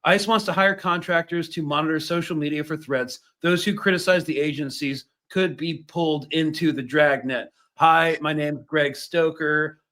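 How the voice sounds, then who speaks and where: A man's voice: fairly high pitch, moderate pace, few pauses, fairly bright tone. Conversational male podcast host. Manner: conversational, reads news aloud.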